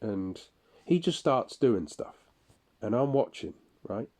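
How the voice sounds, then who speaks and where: A man talking through a personal audio-diary monologue in halting, broken phrases full of restarts. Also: lowish voice, very animated, a little mellow. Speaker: audio diarist. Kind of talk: personal monologue recalling incidents.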